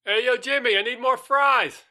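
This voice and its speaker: Guy putting on hyped fast food cook dudes, fake accent, high and yelling, really bright. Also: animated, full character voice. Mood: excited. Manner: shouty, put-on accent. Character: two young male fast food cooks, excitable.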